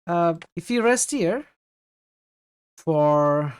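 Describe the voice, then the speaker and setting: A man's voice: fairly high pitch, lively intonation, extremely slow, smooth, dry recording, soft background music. A man with a Turkish accent, a native Turkish speaker, chatting casually while he streams a game, thinking aloud and reading chat with lots of fillers. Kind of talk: casual gameplay commentary.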